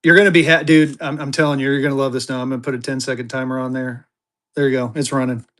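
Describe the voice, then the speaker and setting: Repeating phrases in a rapid burst of hype, a live online auction seller gets more and more excited with each incoming bid. When the bidding heats up, the voice jumps high.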